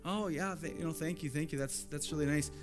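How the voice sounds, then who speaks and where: A man voicing a calm, patient wood carver who speaks in a soft, matter-of-fact way. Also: a little high, fairly quick, faint music behind, close to an everyday voice. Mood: modest.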